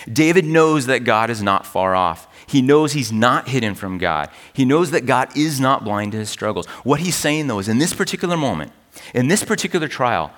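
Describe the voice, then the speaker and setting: Earnest preaching man in a reverberant hall. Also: medium pitch. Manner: earnest, expressive preaching with dramatic pauses. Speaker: pastor. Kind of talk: sermon.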